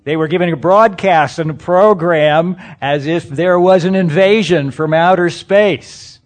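A man preaching a sermon, emphatic and full of rhetorical questions, swinging between loud and hushed. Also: fairly high pitch, unhurried. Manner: speaks to the congregation directly. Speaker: pastor.

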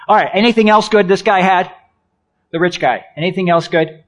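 A man preaching a sermon in an animated, playful way, swinging between loud exclamations and hushed asides. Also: high voice, brisk. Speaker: pastor.

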